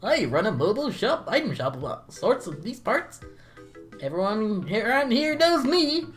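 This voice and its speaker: A friendly traveling shopkeeper man voiced by a player who greets everyone with a cheery, folksy drawl. His voice rises a little above the player's usual pitch and moves around a lot. Faint game music plays under the talk. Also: big pitch swings, normal speed, close to an everyday voice.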